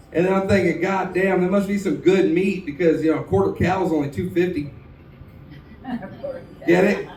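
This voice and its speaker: A man's voice: high voice, darkish tone. A man doing a stand-up comedy set on a bar stage, telling jokes in a self-deprecating, drawling way. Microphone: handheld stage mic. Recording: echoey bar from far off with crowd.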